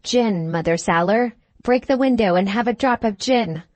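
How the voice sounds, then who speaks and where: A woman voicing a quick-thinking male detective who shouts urgent orders. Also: mid-range voice, dry recording, natural voice.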